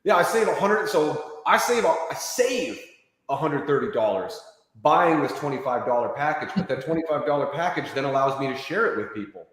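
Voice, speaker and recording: An energetic man sells an idea in an interview, telling stories and taking on the voices of the people in them. His voice sits a little high. The recording rings with strong echo and a long reverb tail. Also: a little fast. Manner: energetic, animated storytelling, acting out quoted people. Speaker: interview guest. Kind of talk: enthusiastic sales pitch in an interview. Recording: very echoey room with long reverb.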